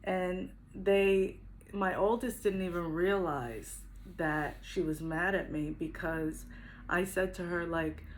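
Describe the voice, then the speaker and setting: A woman's voice: fairly low pitch, fairly even intonation, takes it slowly, slight background noise, rough recording. A middle-aged woman, a spiritual healer, telling her own story to the camera earnestly and reflectively, often repeating her phrases. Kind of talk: personal testimony to camera.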